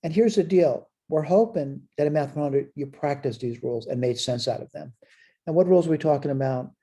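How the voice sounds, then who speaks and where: In a recorded college math lecture, a man poses questions and answers them himself, repeating short phrases as he points things out on the board. His voice is a little high, dark in tone and slightly rough, and he speaks briskly.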